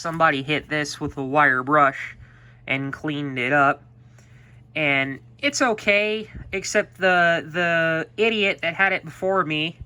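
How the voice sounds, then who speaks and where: Casual hobbyist man, bright tone, rambling show-and-tell. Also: fairly high pitch. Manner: rambling, offhand, with fillers and restarts. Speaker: vacuum restorer.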